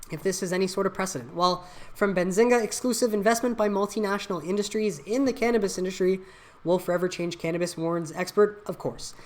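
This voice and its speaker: A mid-pitched host talks through the week's market headlines in a loose, casual way. The delivery is blunt and opinionated, reading items aloud and then adding frank personal asides. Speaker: channel host. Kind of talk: casual market news commentary.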